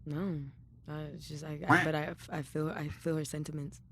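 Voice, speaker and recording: A woman's voice: deep voice, level tone, normal speed, breathy edge. A woman from Houston with a Texan accent, a guest singer chatting casually and laughing on a podcast. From Houston, Texas. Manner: laid-back, laughing, short replies.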